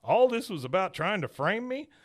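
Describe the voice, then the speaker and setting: A man's voice: high-pitched, big pitch swings, moderate pace, pitched above the performer's own voice. A man quoting a flustered middle-aged Texan son in a slightly raised, pleading voice while recapping a cartoon.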